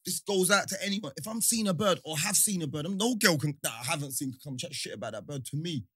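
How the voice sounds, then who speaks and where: A man's voice: on the high side, lively intonation, quick pace, fairly bright tone, slightly rough, no room sound, studio quality. A man talking animatedly in casual chat, full of slang and repeating himself.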